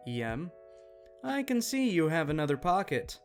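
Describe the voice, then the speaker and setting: A man's voice: on the high side, very animated, moderate pace, soft background music. A man voicing a rude, entitled mother in a read-out story, demanding and dismissive.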